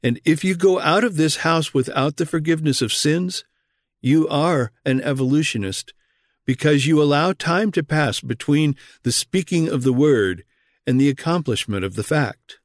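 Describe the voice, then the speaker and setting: A man's voice: on the high side, normal speed, dry recording, clean studio sound. A man reading an old sermon aloud in an earnest way, pressing questions on his listeners. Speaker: reader of a sermon.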